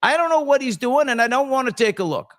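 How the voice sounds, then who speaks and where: A man's voice: very high voice, animated, quick pace, a bit bright, dry recording, studio quality, pitched above the performer's own voice. A man voicing an older woman, a lobsterman's wife, fussy and worried yet welcoming. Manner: prim, fretful, hospitable.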